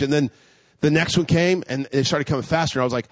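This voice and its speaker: A man in his forties preaching a sermon, telling a funny personal story with lively, high-pitched quoted voices. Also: fairly quick, dry recording.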